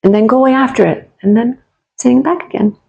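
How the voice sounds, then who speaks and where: Encouraging woman with vocal fry. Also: on the high side, brisk, muffled recording. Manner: warm, encouraging, talks straight to the listener; rambling with frequent restarts and asides. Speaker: tarot reader. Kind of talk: casual tarot reading spoken to the viewer.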